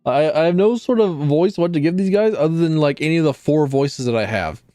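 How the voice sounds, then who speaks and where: A young man chats through his gameplay stream in a mellow, rather high voice that rises and falls freely. He rambles and pokes fun at himself, tripping over restarts as faint music plays underneath. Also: expressive, brisk, dry recording, clean studio sound. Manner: rambling, self-deprecating, stumbling restarts. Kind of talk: casual gameplay commentary.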